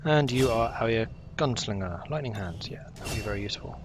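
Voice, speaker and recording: Against a noisy background, a young man with a lowish, animated voice streams a game at a moderate pace. He's chatty, talking both to himself and to his chat as he plays.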